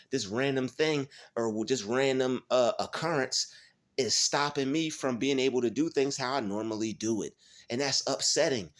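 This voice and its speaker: A man giving a casual, rambling motivational monologue, often repeating and restarting his words. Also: mid-range voice. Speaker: motivational vlogger.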